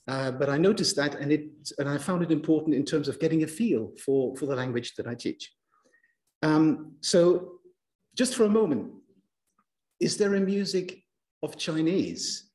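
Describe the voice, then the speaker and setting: A man giving an interactive lecture to teachers, speaking in an animated, playful way and coaxing the audience to join in. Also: a little high, normal speed, reverberant.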